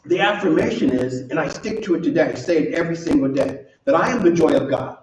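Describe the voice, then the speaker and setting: A man delivers a sermon in a slightly high voice, earnest and quick to laugh, doubling back on his phrases for emphasis. He sounds far from the mic, with a roomy echo and a somewhat dull tone. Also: expressive, background noise. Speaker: minister. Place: church sanctuary.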